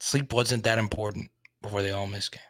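A man's voice: on the low side, steady tone, a little fast, fairly bright tone, dry recording. A young adult man hosting a casual sports talk show, rambling and thinking aloud, openly frustrated.

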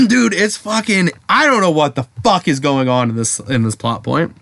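A man's voice: a little high, moderate pace, creaky, a bit bright, no room sound. A young man co-hosting a podcast at home, rambling and swearing as he retells a show and acts out the scenes in voices. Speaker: podcast co-host. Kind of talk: casual chat.

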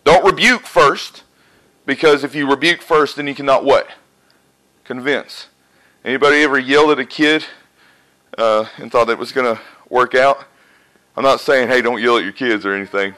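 A man's voice: mid-range voice, moderate pace, bright, forceful tone, poor audio. A man preaching a conversational sermon to a live congregation in a church, often asking questions and answering them himself.

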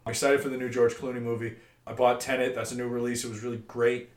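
A man's voice: mid-range voice, level tone, fast talker. A man co-hosting a casual podcast, telling a heated, profane story about an argument with friends. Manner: heated, swearing rant storytelling. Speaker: podcast co-host. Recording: roomy echo.

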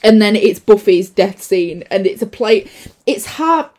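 Lively woman chatting about films. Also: unhurried. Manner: animated, laughs often, acts out lines in shrill voices. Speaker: podcast co-host. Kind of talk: casual film chat.

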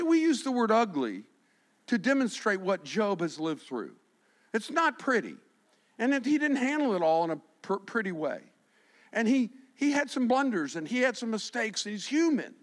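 A middle-aged male pastor preaching a sermon with passion, dropping to a hush and then rising to shouts. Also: high-pitched. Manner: impassioned, swinging from hushed to shouting.

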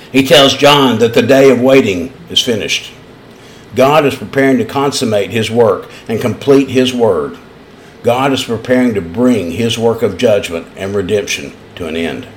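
A man's voice: mid-range voice, a little hiss or hum. A man preaching a sermon in an East Tennessee accent, telling folksy stories in an earnest way. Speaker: pastor.

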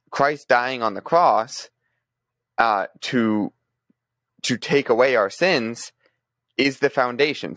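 Male podcast co-host, low dry voice, casual and rambling delivery. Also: fairly bright tone, no room sound. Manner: thinks aloud, frequent restarts and fillers. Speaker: podcast co-host presenting news.

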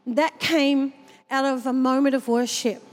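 A woman's voice: high-pitched, fairly even intonation, measured pace. A woman pastor preaching a sermon at a church service, telling personal stories with feeling. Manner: emotional, personal storytelling. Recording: long hall reverb from the church.

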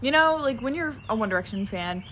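A woman's voice: a little high, animated, a little fast, a bit bright, a little hiss or hum. A young woman co-hosting a podcast outdoors, telling stories in a rambling, chatty way full of fillers. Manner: rambling, filler-heavy storytelling. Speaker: podcast co-host. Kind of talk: casual chat. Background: birds chirping.

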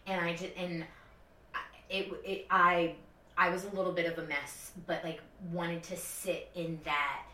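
Animated woman chatting off-mic. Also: a little slow, recorded from a distance. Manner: animated, many fillers, high-pitched quoted voices. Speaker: podcast co-host. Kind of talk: casual chat, storytelling. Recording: echoey room, off-mic.

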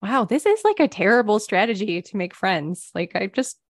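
A woman co-hosting a true crime podcast, unhurried and wry, dropping dry asides into the story. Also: mid-range voice, sing-song, dry recording. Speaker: podcast co-host. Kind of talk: casual true crime chat.

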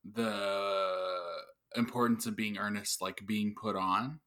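A man's voice: fairly low pitch, fairly even intonation, slow pace, fairly bright tone. A man co-hosting an improv comedy podcast, hesitant and stammering, dodging questions. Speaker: podcast co-host.

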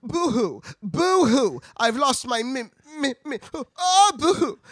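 A man's voice: extremely high pitch, big pitch swings, takes it slowly, dry recording, studio quality, pitched above the performer's own voice, heavily acted. A man voicing a sobbing female kangaroo who wails and stammers over her lost mittens. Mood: wailing. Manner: wailing boo-hoos, stammering.

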